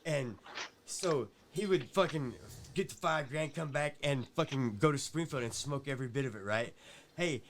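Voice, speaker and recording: A man's voice: medium pitch, moderate pace, a little hiss or hum. A man as a podcast guest, telling a rambling, profane story in casual chat and tagging his sentences with "right?".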